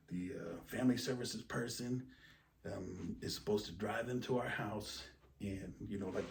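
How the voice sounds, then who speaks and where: A man's voice: on the low side, darkish tone, a little hiss or hum. A man telling a crude, rambling comic story about his family, full of exaggeration. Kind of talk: storytelling stand-up. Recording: roomy, distant mic with faint ambience.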